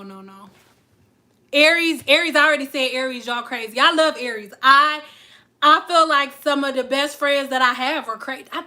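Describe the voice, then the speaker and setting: Bright and forceful, her voice sitting high, a young woman vlogs about hair care in a casual chat to camera. She swears freely, speaks frankly, and impersonates the people she mentions.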